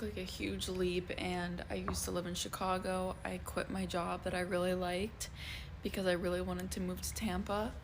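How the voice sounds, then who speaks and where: Low, gravelly, hesitant woman. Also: a little hiss or hum. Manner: hesitant, many ums, subdued. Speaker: vlogger. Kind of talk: casual vlog.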